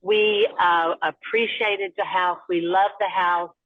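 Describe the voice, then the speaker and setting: Woman, caller, ghost story, dull phone line, lively retelling. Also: fairly low pitch, slow pace. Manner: storytelling, acts out quoted voices.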